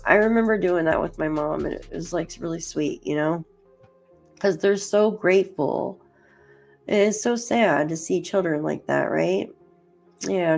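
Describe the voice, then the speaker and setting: A woman's voice: lowish voice, creaky, darkish tone. A woman hosting a casual true crime livestream, rambling chattily with lots of "like" as she talks to viewers by name and reads through case documents. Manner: chatty and rambling, heavy use of "like"; addresses chat viewers by name.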